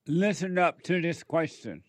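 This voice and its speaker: Slow, preachy man with rhetorical questions. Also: fairly high pitch, animated, no room sound. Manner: repeats rhetorical questions, pauses for answers; acts out quoted back-and-forth dialogue. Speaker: speaker addressing listeners. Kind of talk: preachy spoken monologue.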